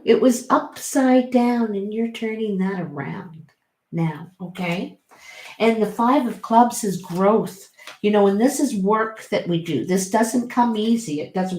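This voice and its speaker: A middle-aged woman giving a casual tarot reading, chatty and encouraging, with sudden bursts of excitement. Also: mid-range voice. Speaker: tarot reader. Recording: roomy echo.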